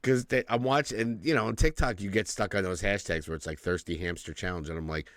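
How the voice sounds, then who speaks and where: A man's voice: low-pitched, fast talker, fairly bright tone, dry recording. A man in his forties co-hosting a podcast, telling stories in casual chat, swearing freely and laughing often. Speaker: podcast co-host.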